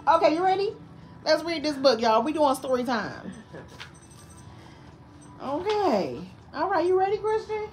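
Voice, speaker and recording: With a high voice, an unhurried pace, and long pauses, a young Michigan woman vlogs over a slight hiss or hum. Her chat is casual and sassy, full of "girl" and "baby," delivered in a lively sing-song tone as if telling a child a story.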